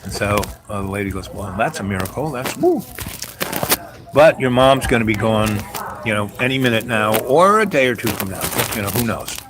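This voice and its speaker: A man's voice: on the low side, lively intonation, fairly quick. An older man hosting, telling a personal story in a rambling, filler-heavy way. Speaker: host. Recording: loud hiss and clicks.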